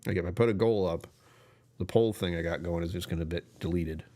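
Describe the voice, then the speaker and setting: A man's voice: low-pitched, brisk, dark tone. A young man hosting his own livestream in casual, rambling chat, amused by himself as he talks. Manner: rambling, self-amused, chatty. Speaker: livestream host.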